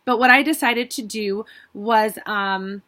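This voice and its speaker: A woman's voice: medium pitch, slow pace, sharp tone. A young woman vlogger talking earnestly and tearfully to her viewers, now and then apologizing for rambling. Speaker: beauty vlogger. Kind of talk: emotional personal vlog.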